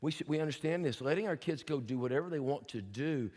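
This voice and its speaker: An older male pastor delivers a sermon in a somewhat high voice, swinging between folksy, humorous storytelling and earnest, emphatic exhortation. His voice rings out with a long reverb that trails off through a church sanctuary. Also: quick pace, a little mellow.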